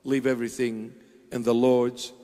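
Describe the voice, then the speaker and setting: A man's voice: mid-range voice, level tone, normal speed, mellow, in a large hall. A man preaching a sermon as a bishop, emphatic, firing off repeated rhetorical questions.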